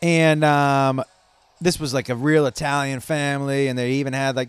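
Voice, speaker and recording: A man hosting a comedy podcast, telling stories in a profane, animated way and laughing at his own jokes. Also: mid-range voice, normal speed, smooth, dry recording. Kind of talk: casual comedic monologue. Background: faint rock music playing.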